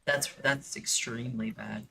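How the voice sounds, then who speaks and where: A woman's voice: very deep voice, steady tone, measured pace, vocal fry, bright, forceful tone, a little hiss or hum. A woman telling a story in a blunt, profane, casual way while streaming a game, with lots of fillers and repeats.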